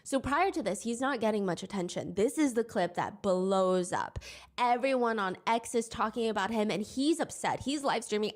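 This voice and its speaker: A woman's voice: medium pitch, moderate pace. A young woman narrating a commentary video in a conversational, wry tone with incredulous asides. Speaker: commentary YouTuber. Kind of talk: storytelling commentary.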